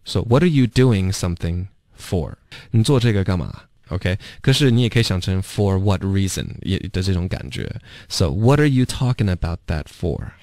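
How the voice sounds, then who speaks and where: Low-voiced male teacher explaining phrases. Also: lively intonation, fairly quick, darkish tone, no room sound, studio quality. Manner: explains a phrase, then repeats the example sentences. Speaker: language teacher. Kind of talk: bilingual phrase lesson.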